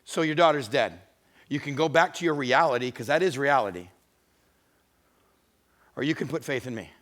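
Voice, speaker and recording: A male pastor delivering a sermon, retelling scripture stories with acted-out voices, moving between hushed, intimate moments and loud, emphatic ones. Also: mid-range voice, expressive, normal speed. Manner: dramatic storytelling, acting out voices of scripture figures.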